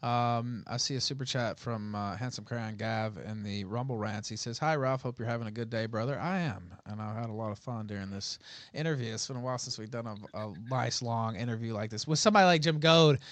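A man's voice: mid-range voice, fairly quick, no echo. Laid-back male show host. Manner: laid-back, laughs along with the guest. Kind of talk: casual interview and reading super chats.

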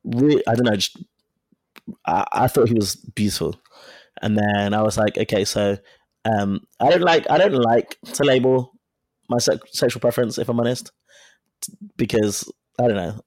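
A man's voice: lowish voice, moderate pace, long pauses, a little mellow, no room sound. A man chatting casually, telling a story frankly and acting out the dialogue as he goes. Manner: frank and profane. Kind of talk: casual chat.

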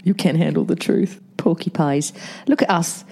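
A woman co-hosting a relaxed chat podcast. Her pitch rises and falls a lot as she talks. She giggles often and tells stories in an animated way. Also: brisk, gravelly, slightly rough. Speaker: podcast co-host. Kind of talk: casual chat.

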